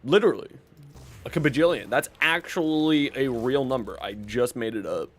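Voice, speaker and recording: A man's voice: mid-range voice, normal speed. A man hosting a casual game livestream, greeting viewers by name and joking as he plays. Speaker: livestream gamer.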